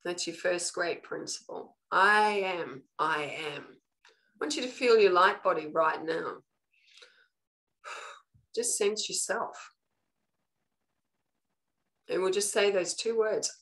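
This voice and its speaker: Woman, Australian accent, somewhat low pitch, earnest spiritual teacher, live online lesson, frequent "okay" check-ins. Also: slow pace, long pauses, a bit bright, rough recording.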